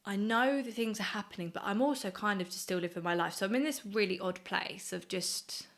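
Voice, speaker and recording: A woman, sharing a personal faith testimony in an earnest, reflective, halting way. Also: mid-range voice, a bit bright. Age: 20s. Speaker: guest sharing her faith story.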